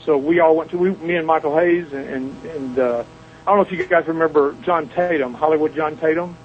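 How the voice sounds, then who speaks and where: The recording is muffled with a little hiss or hum, capturing a middle-aged man from Mobile, Alabama, with a Southern US accent. Guesting on a phone interview, he talks a little fast in a steady, high-leaning voice, telling joking, boisterous, folksy stories.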